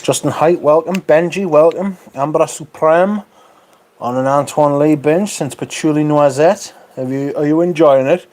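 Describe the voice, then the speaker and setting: A man's voice: on the high side, normal speed, a little mellow. A man with a Northern English accent hosting a livestream, chatting casually and reading out viewer comments with dry banter. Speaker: livestream host.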